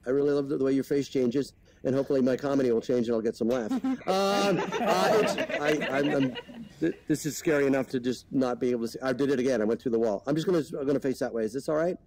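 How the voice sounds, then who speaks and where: A man's voice: mid-range voice, quick pace, a little hiss or hum, rough recording. A man doing a stand-up comedy set, rambling and self-mocking, with lots of ums. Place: virtual world comedy venue. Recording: loud crowd chatter behind.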